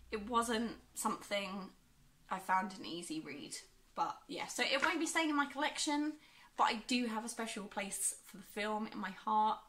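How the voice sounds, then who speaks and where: A woman's voice: on the high side, fairly bright tone. A young woman from England chatting casually about books she has read, with frequent ums and a self-deprecating manner. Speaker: book vlogger. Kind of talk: casual book review chat.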